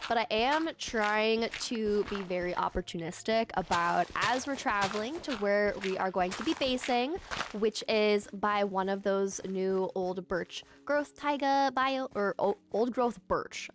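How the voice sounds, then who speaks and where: Slow, soft-spoken woman gaming commentator. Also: medium pitch, slight background noise. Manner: slow and soft-spoken, bursts into squealing excitement. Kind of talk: relaxed gameplay commentary.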